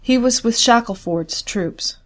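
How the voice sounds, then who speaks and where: A woman's voice: a little high, measured pace, voice pushed up, close to an everyday voice. A woman voicing a stern young farm girl giving firm orders, in an audiobook. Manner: firm, commanding.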